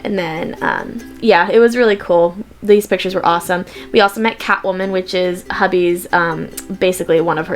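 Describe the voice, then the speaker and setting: A young woman chats to camera in a casual vlog, telling stories and quoting people with animated little voices. Her voice sits at a middle pitch. Faint music plays underneath. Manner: chatty storytelling, quoting people in lively voices. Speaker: vlogger.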